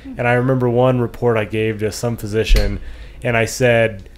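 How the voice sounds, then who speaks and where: A man's voice: mid-range voice, normal speed, slight background noise. A man who works as a physician assistant, hosting a casual podcast chat and asking questions. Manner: relaxed, asks guests questions.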